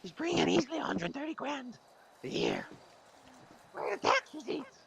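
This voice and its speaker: Whiny male moth, very high and wailing, drawn-out complaints, comic story voice. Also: huge pitch swings, creaky, a crowd in the background, exaggerated voice.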